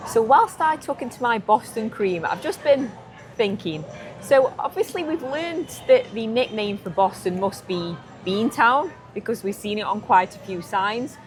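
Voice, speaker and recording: A woman's voice: fairly high pitch, lively intonation, measured pace, faint music behind. Teasing Stoke-accented woman vlogging. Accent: Stoke-on-Trent English. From England. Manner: playful and teasing. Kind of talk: casual travel vlog.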